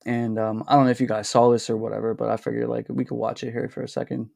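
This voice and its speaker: A man hosting a casual livestream, talking in a relaxed, rambling way with fillers and restarts. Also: mid-range voice, fast, gravelly, no room sound, clean studio sound. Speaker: livestream host.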